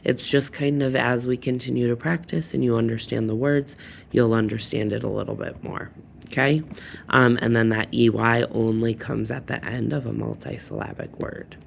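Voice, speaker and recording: A man teaching a phonics lesson, sounding out words slowly and deliberately. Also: mid-range voice, fairly even intonation, a little hiss or hum. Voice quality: gravelly.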